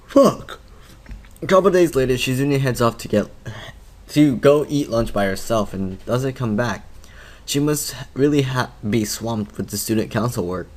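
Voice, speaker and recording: Let's play host reading a visual novel aloud, cursing with laughing asides, mid-pitched man. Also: lively intonation, normal speed.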